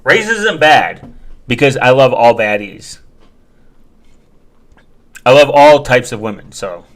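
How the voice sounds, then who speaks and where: Talking casually to his audience, this vlogger jokes and rambles, stumbling through fillers and restarts. He has a mid-range voice and takes his time.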